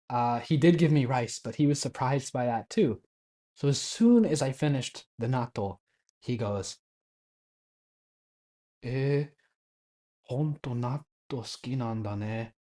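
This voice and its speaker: A man's voice: medium pitch, very animated, unhurried, dark tone. A man in his twenties casually telling a travel story, chatty and laughing often, acting out bits of quoted Japanese. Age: 20s. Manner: acts out quoted Japanese phrases.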